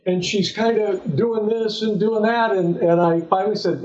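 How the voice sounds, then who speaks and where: An older man from Southern California, a former pro football player, telling lively anecdotes as an interview guest, often restarting his sentences. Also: sits high, moderate pace, few pauses. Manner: animated anecdotes with frequent restarts. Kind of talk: relaxed storytelling in an interview. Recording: echoey, slightly dull sound.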